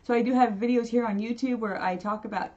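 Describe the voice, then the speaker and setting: A woman who is a spiritual medium and channel host chats casually on a livestream, answering viewers. Her voice is fairly high and darkish, quick and fairly even in intonation, on a lo-fi recording. She rambles, laughs often, and restarts her sentences.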